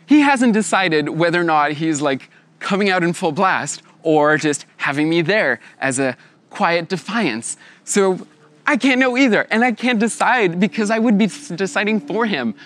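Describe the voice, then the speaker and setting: Lively young man telling a personal story. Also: high-pitched, normal speed. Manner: animated, laughing, acting out quoted voices.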